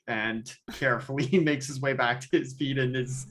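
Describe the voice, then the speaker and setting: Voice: mid-range voice, fairly even intonation. A player in a tabletop game, describing his character's actions and speaking humbly in character. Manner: slow, hesitant, humble in character.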